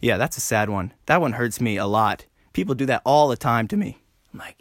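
A man hosting a solo podcast, rambling and joking at himself, talking fast and often jumping up high. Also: expressive, no echo, studio quality. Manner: rambling, self-mocking, fast with sudden high jumps. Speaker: podcast host. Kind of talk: casual solo podcast chat.

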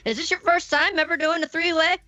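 A man's voice: very high-pitched, steady tone, a little fast, bright, forceful tone, no echo, muffled recording, soft background music. A man co-hosting a casual podcast, rambling and teasing with many hesitations. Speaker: podcast co-host.

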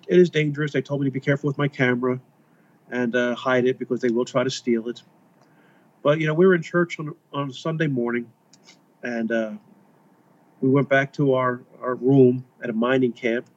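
A man, a missionary author from the United States, telling stories in a rambling, casual way in an interview. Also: medium pitch. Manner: rambling, animated when retelling. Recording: slightly dull lo-fi audio.

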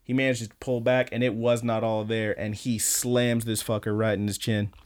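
A man co-hosting a podcast, casually recapping events in an excited play-by-play with some swearing. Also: lowish voice, normal speed, clear, resonant tone, dry recording, studio quality. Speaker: podcast co-host.

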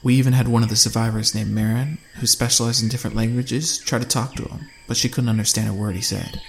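A man narrating a first-person survival story in a steady, measured way. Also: mid-range voice, creaky, slight background noise.

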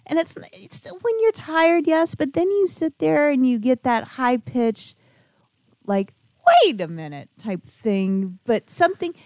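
A woman's voice: sits high, lively intonation, takes it slowly, a little mellow, dry recording, clean studio sound. A woman co-hosting a casual podcast chat, teasing and chatty as she talks. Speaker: co-host. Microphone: dry podcast mic, turned away from camera.

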